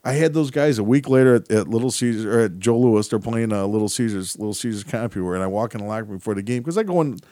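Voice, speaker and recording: A man's voice: lowish voice, fast talker, few pauses, mellow, dry recording, clean studio sound. A man, a hockey referee, telling stories from the ice in casual chat, plain-spoken and laughing. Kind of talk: casual storytelling.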